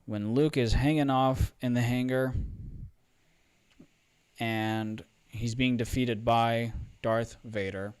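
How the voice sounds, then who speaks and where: Slow, clear-voiced male film host. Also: mid-range voice, steady tone. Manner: enthusiastic, playful, with frequent fillers. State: slightly hoarse. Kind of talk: casual film commentary. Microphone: studio microphone.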